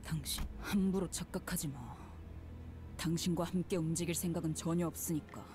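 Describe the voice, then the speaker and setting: A woman's voice: fairly low pitch, steady tone, racing, natural voice. An actress playing a defiant young woman sailor in a game, speaking in a curt, hostile way. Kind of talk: game voice acting.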